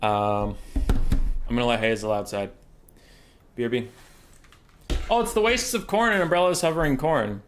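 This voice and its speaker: A man chatting casually on a livestream as a game streamer and caster, relaxed and reacting to his chat. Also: mid-range voice, normal speed, long pauses, a little hiss or hum.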